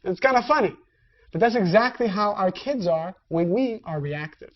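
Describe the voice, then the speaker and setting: A woman's voice: medium pitch, animated, moderate pace, lo-fi sound. A woman teaching a spiritual lesson in a conversational style, speaking directly to her listeners. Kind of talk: recorded lecture.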